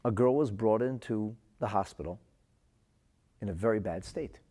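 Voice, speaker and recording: A man's voice: fairly low pitch, moderate pace, dark tone, husky. A man giving a spoken religious lesson, telling stories earnestly and often repeating his words. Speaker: Torah teacher.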